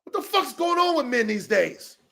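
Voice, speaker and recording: Man, high voice, dog-training show host, heated podcast rant, profane, repetitive, confrontational. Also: big pitch swings, normal speed, creaky, bright, forceful tone.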